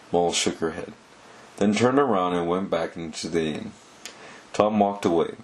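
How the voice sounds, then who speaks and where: Deep-voiced man reading a story aloud. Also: normal speed, low-quality recording. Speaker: audiobook narrator.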